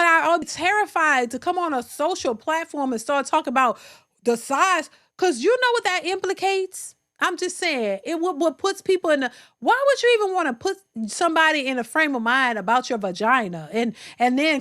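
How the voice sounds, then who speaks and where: Lively high-voiced woman, sassy commentary. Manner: sassy, incredulous, talks straight to viewers. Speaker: reaction channel host. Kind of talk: reaction commentary.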